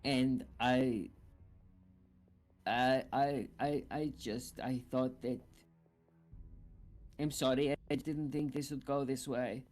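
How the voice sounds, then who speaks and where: Male player as young female adventurer, emotional, halting, slow delivery. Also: medium pitch, fairly even intonation, a little mellow, faint music behind, natural voice. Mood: tearful pleading. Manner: halting, stammering, apologetic. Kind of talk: roleplaying a tabletop game character.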